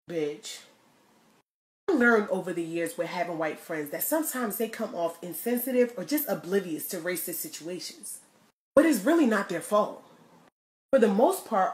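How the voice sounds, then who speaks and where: A young woman doing comedic storytelling, profane and animated, acting out the people in her story. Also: medium pitch, echoey room. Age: young adult. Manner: profane, animated, acts out voices.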